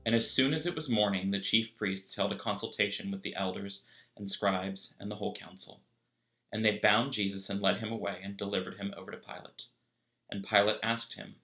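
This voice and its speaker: Man, scripture reader, bright tone, lowish pitch, measured. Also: fairly even intonation. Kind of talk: liturgical scripture reading.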